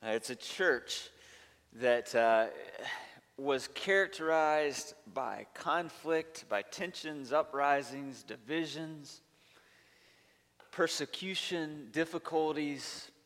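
A man's voice: fairly high pitch, slow, fairly bright tone. A male pastor preaching a sermon, earnest and emphatic, stacking up long lists of points. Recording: long reverb of a large hall.

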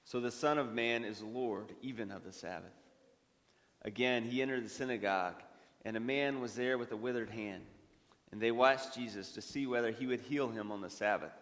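A man of the clergy reads the gospel in a measured, expressive way. His voice sits at a middle pitch. It carries with the long reverb of a church.

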